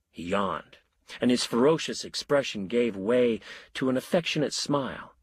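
A man narrating a story in a wry, measured way. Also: mid-range voice, expressive, husky, no room sound.

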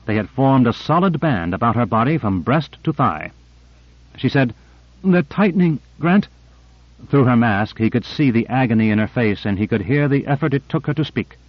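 A male audiobook narrator reads scripted text in an even, measured manner. His voice sits in the mid range, and the recording is dry and dull.

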